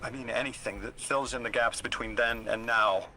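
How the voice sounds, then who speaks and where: An eager, stammering scholar. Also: male voice, medium pitch, fairly even intonation, brisk, sharp tone. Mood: grateful. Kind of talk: video game dialogue.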